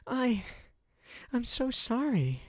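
A man's voice: high voice, sing-song, takes it slowly, darkish tone, no room sound, studio quality, voice pushed up, full character voice. A man voicing a distraught young woman knight in a read-aloud story, with a pleading, breaking voice. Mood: tearful. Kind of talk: storybook reading.

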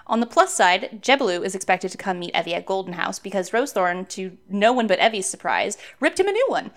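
A woman's voice: medium pitch, a little fast, fairly bright tone. A woman co-hosting a podcast, recapping a book chapter in casual chat, laughing often and enthusiastic. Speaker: podcast co-host.

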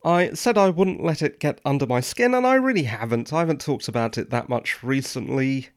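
A man's voice: mid-range voice, lively intonation, a little fast, no room sound, studio quality. A man hosting a solo podcast, giving opinionated, wry and dryly sarcastic commentary. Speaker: podcast host.

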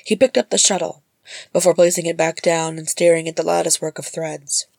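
A woman reading a storybook chapter aloud in a measured, soft narration. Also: lowish voice, fairly even intonation, creaky, dry recording. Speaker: audiobook reader.

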